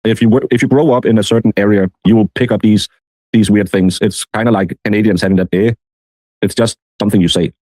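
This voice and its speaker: Man, low voice, mellow tone, dry close sound, casual rambling live-stream host. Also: fairly even intonation, fast, no echo. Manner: rambling, self-correcting.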